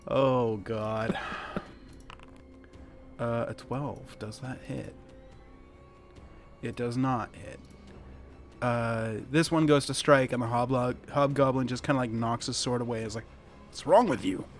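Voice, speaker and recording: A man's voice: mid-range voice, fairly even intonation, takes it slowly, long pauses, faint music behind. A man narrating a tabletop game as game master, chuckling and rambling, often correcting himself mid-sentence. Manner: laughing, rambling, self-correcting.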